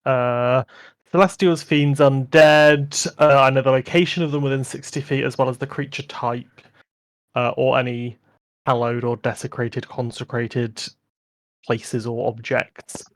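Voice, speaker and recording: A man's voice: mid-range voice, steady tone, a little slow, dry recording, studio quality. A man playing in a tabletop game, explaining rules in a matter-of-fact way. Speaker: player. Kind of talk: casual tabletop play.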